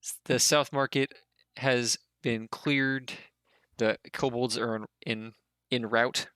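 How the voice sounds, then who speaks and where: A man narrating a tabletop game as dungeon master, in a loose, halting way with spoken sound effects. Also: mid-range voice, fairly even intonation, sharp tone, smooth, no echo.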